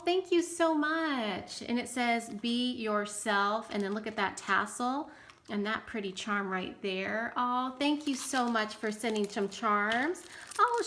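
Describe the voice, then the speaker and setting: A woman's voice: a little high, a bit bright, a little hiss or hum. A woman hosting a casual craft vlog, gushing with delight and exclaiming often as she shows off handmade tags she received in the mail. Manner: gushing, enthusiastic, lots of "oh my goodness". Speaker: craft channel host. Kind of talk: casual show-and-tell vlog. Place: indoors near bright sunlight.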